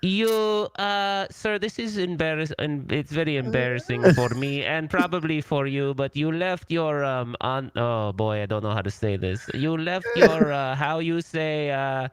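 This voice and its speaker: Man putting on a high, hesitant, over-apologetic hotel clerk for a prank-call story. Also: a little slow, hardly any pauses, smooth, no room sound, close to an everyday voice. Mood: embarrassed. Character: fake polite male hotel clerk, embarrassed.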